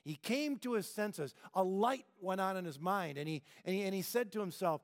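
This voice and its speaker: Male preacher, high voice, conversational sermon full of rhetorical questions, long hall reverb. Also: animated, normal speed. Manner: conversational, asks rhetorical questions, acts out quotes.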